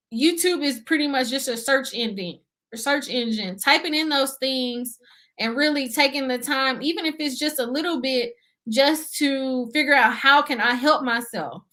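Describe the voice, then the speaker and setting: Young adult woman, high and bright, earnest talkative guest in a casual interview. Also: normal speed. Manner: earnest, talkative, many fillers and "you see what I'm saying". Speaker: guest, budgeting YouTuber.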